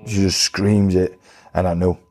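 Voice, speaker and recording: A man's voice: on the low side, fairly even intonation, a little fast, dark tone. A former boxer, telling his stories bluntly in a casual interview. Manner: blunt, plain-spoken, acts out quoted voices. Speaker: retired boxer guest.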